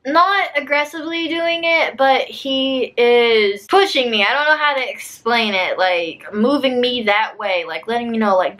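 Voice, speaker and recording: A woman's voice: medium pitch, fairly bright tone, low-quality recording. A young woman YouTuber telling a personal story to camera in a storytime vlog, chatty and full of fillers, acting out what people said. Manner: chatty, many fillers, acts out quotes.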